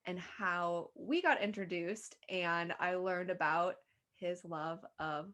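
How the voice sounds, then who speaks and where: A woman's voice: lowish voice, slow. A young adult woman co-hosting a podcast, telling stories in casual chat with lots of laughter. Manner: giggly, animated storyteller. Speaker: podcast co-host.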